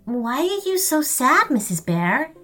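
A woman voicing Bashy, a hopeful, excitable little boy. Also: sits high, slow, soft background music, pitched above the performer's own voice, exaggerated voice. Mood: excited. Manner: excited and gentle.

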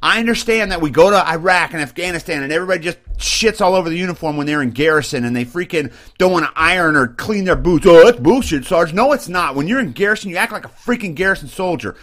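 A man's voice: on the high side, expressive, fast, hardly any pauses, fairly bright tone. A man, an Army sergeant, hosting an opinion podcast and ranting bluntly and mockingly, getting worked up, recorded on a computer microphone. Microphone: webcam and computer mic.

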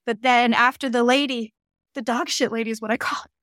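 Guest medium, female, higher-pitched, dry recording; vivid anecdotal teller who swears casually. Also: fairly quick, dry recording. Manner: lively anecdotes, acts out quoted voices, swears casually. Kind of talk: casual storytelling.

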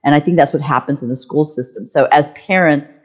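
Lively, chatty woman podcast host. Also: low voice, brisk. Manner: animated storyteller, laughs often, voices quoted people. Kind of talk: casual chat.

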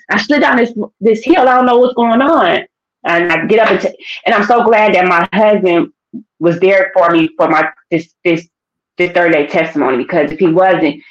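A woman guest on a podcast, telling a personal faith story in a lively, animated way and acting out what people said. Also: lowish voice. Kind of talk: casual testimony. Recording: dull lo-fi sound.

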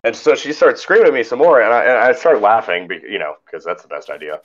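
A man telling a story in casual chat as a podcast host, animated and acting out the people in it. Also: lowish voice, fast, muffled recording. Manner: animated, mimics others in quoted lines.

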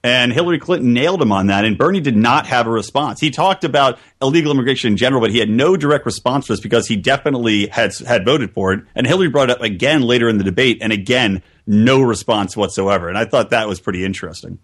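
A man hosting a podcast roundtable, telling the story in a casual, wry and animated way. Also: mid-range voice, quick pace, hardly any pauses. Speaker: podcast host.

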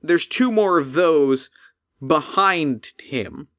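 A man narrating a tabletop game as game master, slow and hesitant with many restarts. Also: fairly high pitch, animated, a bit bright.

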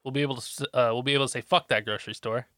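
A man talks quickly with a bright, forceful edge, ribbing his co-host in a dry, teasing way. His voice sits at a middle pitch. The sound is dry and close. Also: steady tone, no room sound. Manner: teasing, dry, matter-of-fact. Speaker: podcast co-host. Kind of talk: casual chat.

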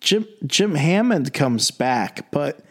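A man co-hosting a podcast, adding relaxed, wry comments in casual chat. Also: fairly high pitch, takes it slowly, slightly rough. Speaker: podcast co-host.

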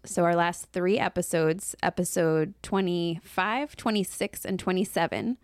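A woman's voice: lowish voice, measured pace, no echo, clean studio sound. A young woman co-hosting a casual podcast with her father, bantering playfully and laughing often. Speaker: podcast co-host. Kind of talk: casual chat.

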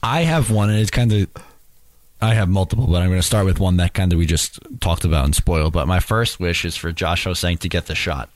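A young man co-hosting a casual sports podcast, relaxed and wry, steering the conversation into new segments. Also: sits low, a little fast, no echo. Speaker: podcast co-host.

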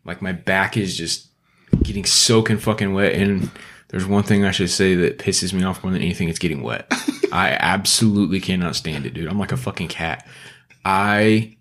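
A young man with a fairly low voice co-hosts a casual podcast chat. He tells his story in an animated, swearing way and breaks into short laughs. His speech is loose and conversational. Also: moderate pace. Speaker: podcast co-host.

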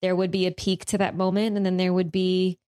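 A woman speaks in a lower register, close and dry with no room sound. She talks personally and haltingly, restarting sentences as she looks for the right words. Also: flat delivery, dark tone, no echo. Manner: hesitant, searching for words with many restarts. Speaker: guest discussing her estranged father. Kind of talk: emotional personal conversation.

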